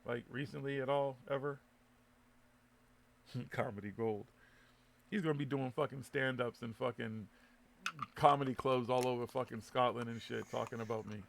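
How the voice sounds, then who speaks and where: A man's voice: medium pitch, steady tone, moderate pace, creaky, pauses often, slight background noise. A man hosting a live internet radio show, chatting loosely with lots of swearing, laughter and stumbling restarts. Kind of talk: casual live show banter.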